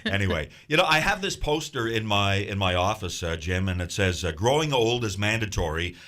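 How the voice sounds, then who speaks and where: A man's voice: on the low side, big pitch swings, a little fast, bright, forceful tone. A man hosting a casual radio interview and chatting in friendly banter with his guest. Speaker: radio host. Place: radio studio.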